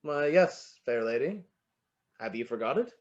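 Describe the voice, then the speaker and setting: An actor playing a flattering, lovestruck poet in an amateur online stage play, savoring each word and muttering to himself. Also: mid-range voice, a little slow, muffled recording, close to an everyday voice. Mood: wooing. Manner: florid, wooing, savoring words, muttering to himself. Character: lovestruck, flattering William Shakespeare, a playful poet.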